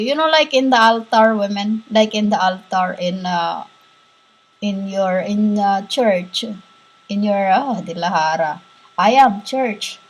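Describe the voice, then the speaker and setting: A medium-pitched woman, styling herself a prophetess, delivers a rambling spiritual monologue. She speaks haltingly, with many pauses and repeated phrases, in an insistent, lecturing tone.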